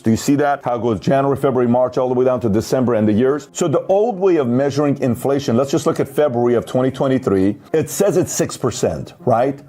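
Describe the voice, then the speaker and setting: A man's voice: mid-range voice, dark tone, husky. A man co-hosting a podcast, steadily walking listeners through numbers in explanatory commentary. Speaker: podcast co-host.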